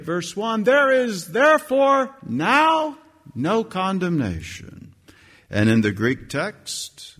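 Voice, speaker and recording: Here a man preaches a sermon as pastor, emphatically, his voice springing higher and louder on key phrases and scripture quotations. It's recorded with a long hall reverb.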